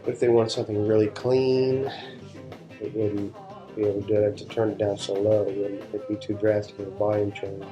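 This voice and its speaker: A man's voice: on the low side, level tone, a little fast, warm tone, dull audio, soft background music. A man guesting on an interview, telling rambling stories in casual talk and often restarting his sentences. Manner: rambling, restarts sentences, laid-back storytelling. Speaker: session guitarist, interview guest.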